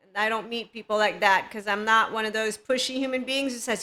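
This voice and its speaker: A woman's voice: fairly high pitch, fairly even intonation, a little fast, bright, forceful tone. A woman hosting a spiritual self-help podcast, talking in a playful, rambling way and laughing often. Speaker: podcast host.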